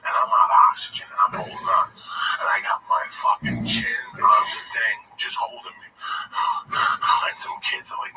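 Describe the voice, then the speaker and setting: A man's voice: medium pitch, a little fast. A man telling a long personal story in casual, profane speech, often calling his listener by name. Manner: profane, animated, keeps addressing the listener by name. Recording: distant mic with faint background noise.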